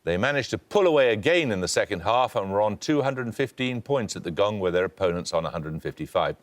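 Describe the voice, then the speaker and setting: A man hosting a televised quiz with crisp, formal delivery. His pitch rises and falls widely as he reads out the questions and scores. He sounds precise and firmly in command. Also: expressive. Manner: brisk, precise, authoritative. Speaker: quiz show host.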